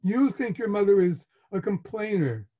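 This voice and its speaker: A man's voice: high-pitched, animated, normal speed, voice pushed up. A man reading aloud and voicing his complaining, guilt-tripping mother in a raised, sarcastic tone, on a dull lo-fi recording. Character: martyred, complaining middle-aged mother.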